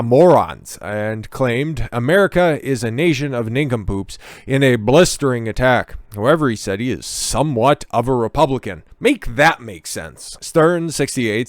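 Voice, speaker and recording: A man rants in a commentary video, sarcastic and full of profanity as he heckles. His voice sits at a medium pitch. The sound is close and dry, with no room echo. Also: smooth. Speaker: online commentator.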